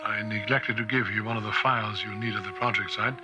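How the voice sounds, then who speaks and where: An actor playing a brisk, businesslike male colleague leaving a voicemail in a TV drama. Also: fairly low pitch, steady tone, recorded from a distance, over music, close to an everyday voice.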